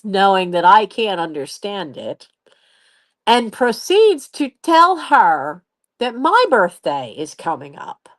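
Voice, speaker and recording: A woman in her late fifties telling a story in a casual live stream, laughing often and acting out what other people said. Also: a little high. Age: 50s. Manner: animated, laughs often, acts out others' voices. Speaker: channel host.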